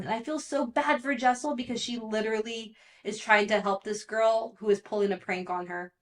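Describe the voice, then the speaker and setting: A woman's voice: medium pitch, steady tone, fairly quick. A young woman hosting a podcast, recapping pop culture gossip in a chatty, exasperated way and saying "like" often. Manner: chatty and exasperated, heavy use of "like". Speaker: podcast host.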